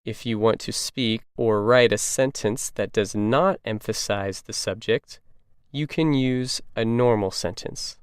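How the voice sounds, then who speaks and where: Measured man reading a grammar lesson. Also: fairly low pitch, clean tone, dry recording, studio quality. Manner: measured, explanatory. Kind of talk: scripted educational narration.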